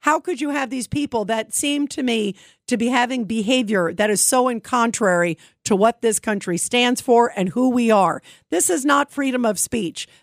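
A woman's voice: a little high, moderate pace, dry recording, clean studio sound. A woman hosting a talk radio show, delivering an opinionated monologue in an emphatic, indignant way with rhetorical questions.

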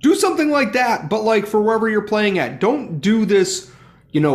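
A man with a fairly high voice that swings widely in pitch. He rants in a loose, joking way, exasperated and animated, like a co-host venting on a sports podcast. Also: normal speed. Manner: animated, ranting, exasperated humor. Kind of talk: casual sports chat.

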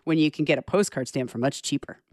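A woman co-host in casual radio chat, enthusiastic and animated, laughing often. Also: low-pitched, fast, no echo, clean studio sound. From Pittsburgh.

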